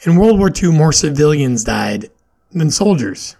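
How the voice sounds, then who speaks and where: Gravelly, husky man musing on a podcast. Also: on the high side, very animated, a little slow, mellow. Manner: questioning, opinionated rambling with fillers. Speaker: podcast host. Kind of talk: solo podcast monologue.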